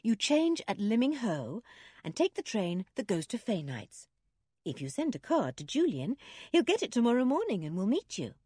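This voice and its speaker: A woman voicing a kindly middle-aged mother in a storybook reading, affectionate and gently scolding. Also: fairly high pitch, huge pitch swings, normal speed, breathy edge, dry recording, studio quality, voice pushed up, full character voice. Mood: practical.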